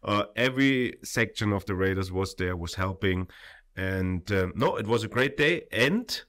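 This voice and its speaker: A man's voice: fairly low pitch, expressive, moderate pace, fairly bright tone. A tired young man who speaks natively, hosting a casual livestream chat in English and rambling loosely with fillers. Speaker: stream host.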